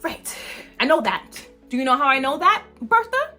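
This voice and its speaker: Mom vlogger doing a storytime, super animated, says like a lot, quiet music in the back. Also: female voice, sits high, brisk. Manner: animated, emphatic storytelling with lots of "like". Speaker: mother and channel host. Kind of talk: storytime vlog.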